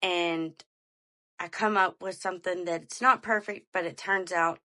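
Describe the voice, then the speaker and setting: Bright-voiced chatty woman. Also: lowish voice, unhurried. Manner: animated, chatty, addresses listeners as y'all. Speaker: podcast host. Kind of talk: casual storytelling monologue.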